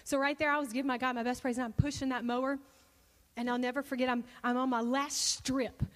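A woman preacher telling a personal story in a sermon, animated and expressive. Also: high voice, fast talker, long reverb tail.

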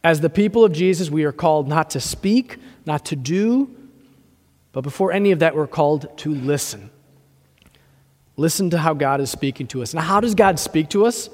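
High-voiced pastor preaching in a reverberant church. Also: male voice, lively intonation, normal speed, a little mellow. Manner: earnest, repetitive preaching with fillers and restarts. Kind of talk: sermon.

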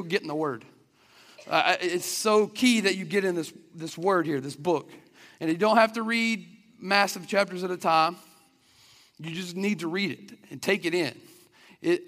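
A man's voice: high-pitched, a bit bright. A man preaching a sermon in an earnest, conversational way, often restarting his sentences. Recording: long reverb of a hall.

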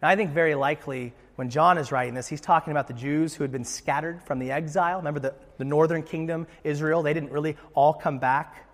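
High-voiced guy preaching, chatty and animated, big hall echo. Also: quick pace, hardly any pauses. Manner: animated, conversational preaching with asides. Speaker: pastor. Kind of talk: sermon.

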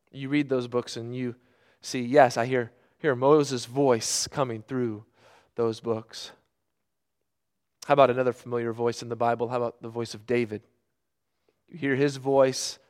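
A middle-aged man preaching a sermon, earnest, moving between hushed, drawn-out phrases and emphatic bursts. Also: medium pitch, clear, resonant tone.

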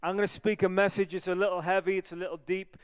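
A male evangelist preaches in a church, his talk earnest, conversational and full of fillers. His voice is fairly high and smooth. A long reverb from the hall trails each phrase. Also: flat delivery, fast talker. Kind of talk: sermon.

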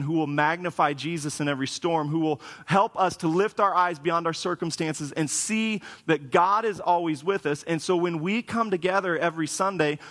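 Casual pastor in a reverberant church. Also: male voice, on the high side, a bit bright. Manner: casual, wry and self-deprecating, with frequent restarts. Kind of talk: conversational sermon. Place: church sanctuary. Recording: long hall reverb.

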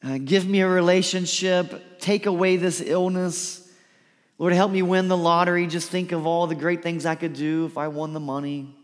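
A man preaching a sermon, lively and emphatic, sometimes dropping to a soft pleading voice to act out a quote. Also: sits high, moderate pace. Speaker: pastor. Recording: reverberant hall.

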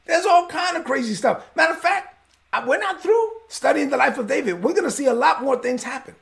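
A man's voice: very high voice, animated, brisk, vocal fry. A man preaching a sermon as pastor, emphatic and conversational.

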